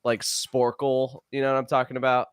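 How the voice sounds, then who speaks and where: A young man co-hosting a podcast, chatting casually in an energetic, playful way. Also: medium pitch, normal speed, clean tone. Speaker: podcast co-host.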